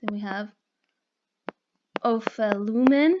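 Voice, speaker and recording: A woman's voice: fairly high pitch, takes it slowly, muffled recording, background noise. A woman teaching a recorded grammar lesson, explaining patiently and checking in with "okay?" and "right?".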